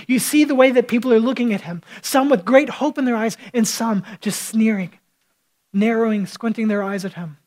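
A man's voice: high voice, darkish tone, poor audio. A man preaching a sermon as a pastor, retelling scripture as vivid storytelling with quoted speech.

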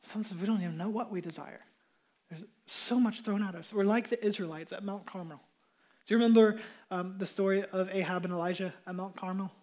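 A male pastor preaching to a mixed congregation of adults and children. He tells the story in a casual, conversational way and becomes animated at the big moments. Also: high-pitched, a little fast. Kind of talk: sermon.

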